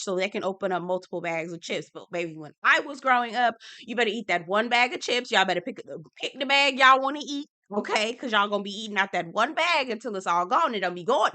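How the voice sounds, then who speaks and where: A woman giving a sassy, slang-filled casual recap of a reality TV episode from her home office. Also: medium pitch. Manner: sassy and expressive, slangy asides. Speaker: TV recap host.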